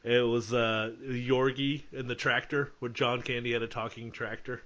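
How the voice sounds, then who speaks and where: A man's voice: medium pitch, little pitch movement, normal speed, fairly bright tone, highs cut off. A man co-hosting a comedy podcast, chatting enthusiastically and laughing often. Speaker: podcast co-host. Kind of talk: casual chat.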